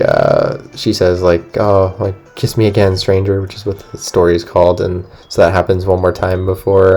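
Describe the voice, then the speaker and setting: A man's voice: low voice, dark tone. A man hosting a gaming video, retelling a story casually between gameplay in a rambling, filler-heavy way, swearing now and then. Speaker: gaming channel host.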